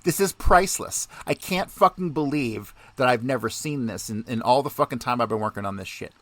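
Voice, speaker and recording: A man's voice: mid-range voice, fairly quick, fairly bright tone, no echo. A man hosting a podcast, swearing heavily in a heated rant and jittery from too much coffee. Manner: profane, heated, swearing constantly. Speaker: podcast host. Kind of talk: ranting podcast monologue, reading documents aloud.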